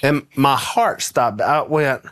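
A man telling a story in a folksy, animated way, with frequent laughs, as a guest in conversation. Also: medium pitch, slow, no echo, clean studio sound. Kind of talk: casual storytelling anecdote.

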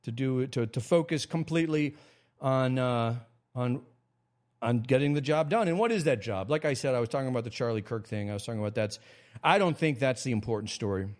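A man from America hosting a casual livestream monologue, rambling with frequent restarts and sudden jumps in pitch. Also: lively intonation, fairly quick. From United States. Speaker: host.

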